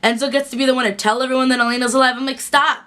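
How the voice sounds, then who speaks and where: A young woman gushing through a casual episode recap in a chatty, excitable way, full of "like". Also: sits high. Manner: gushing, chatty, fast bursts with fillers like "like". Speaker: TV recap vlogger.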